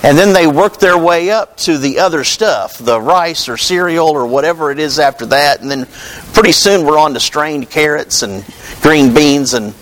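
A man's voice: on the high side, lively intonation, moderate pace, a bit bright, low-quality recording. A man preaching a sermon in a conversational, storytelling way, calling out to his congregation. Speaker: pastor.

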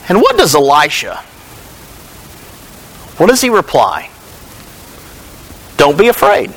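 A man's voice: sits high, big pitch swings, a little slow, long pauses, fairly bright tone. A man preaching a sermon, reading scripture aloud and then explaining it in a conversational way.

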